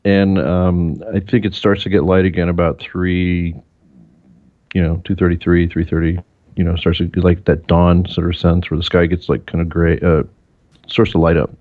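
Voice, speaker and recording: A man, a broadcast engineer, chatting as an interview guest and telling relaxed stories that grow animated when he quotes people. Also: low-pitched, moderate pace, no room sound. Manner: relaxed storyteller, animated when quoting others. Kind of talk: casual interview chat. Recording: tinny phone-line call.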